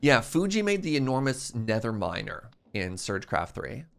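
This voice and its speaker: A young adult man chatting loosely as he plays, thinking out loud and musing over what to build next. His pitch sits in the middle but swings up and down a lot. He wanders from one idea to the next in casual stream commentary. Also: sing-song, normal speed, gravelly. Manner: thinking aloud, rambling and musing. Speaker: streamer playing a modded block game.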